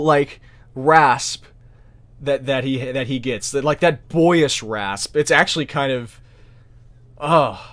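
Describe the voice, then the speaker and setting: A man's voice: medium pitch, fairly bright tone. A man from Brazil, a native Portuguese speaker with an American-sounding accent, chatting casually on a stream, reading chat aloud and often restarting his sentences. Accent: American-sounding English. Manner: rambling, self-correcting, with frequent restarts.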